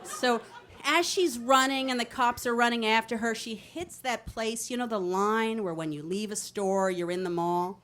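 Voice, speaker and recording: A woman in her fifties from New Jersey tells a brash, comic true story into a microphone on a storytelling stage at a city venue. Her voice is fairly high and her pace moderate, with an animated delivery.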